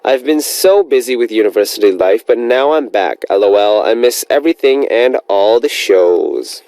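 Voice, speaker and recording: Male radio DJ, mid-pitched, chatty and upbeat, rambles between listener messages, dry booth sound. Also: expressive, normal speed, dark tone, dry recording, rough recording. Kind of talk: radio show chat reading listener messages.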